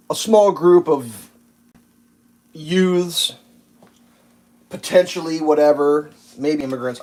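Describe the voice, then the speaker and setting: Cooking while he livestreams, this man rambles, curses, and leans heavily on filler words. His voice sits on the high side with a darkish tone, and faint kitchen clatter is audible beneath the low-quality audio.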